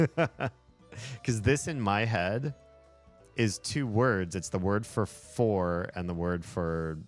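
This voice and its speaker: A man streaming live and chatting casually with his viewers, animated and talkative, often laughing and cursing. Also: low-pitched. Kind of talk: casual livestream chat.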